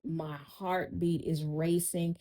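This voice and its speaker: A woman's voice: fairly low pitch, little pitch movement, slow, dark tone, poor audio. A woman, a podcast guest telling a personal story in casual chat, often turning to listeners with "y'all.".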